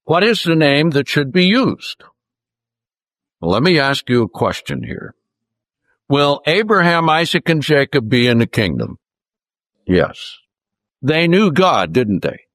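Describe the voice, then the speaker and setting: A man giving a Bible teaching sermon, reading scripture aloud and slowing down to stress key words. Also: on the high side, big pitch swings, a bit bright, no room sound. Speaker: preacher.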